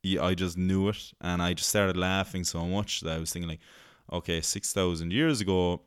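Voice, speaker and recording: A man's voice: low voice, steady tone, normal speed, clear, resonant tone, no room sound, studio quality. A male podcast host rambling in casual chat, laughing easily and swearing freely.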